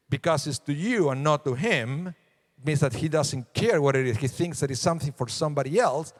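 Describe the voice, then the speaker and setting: Man, rabbi, relaxed sermon, higher voice, ringing hall reverb. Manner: unhurried and conversational, acting out voices from the text. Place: synagogue sanctuary.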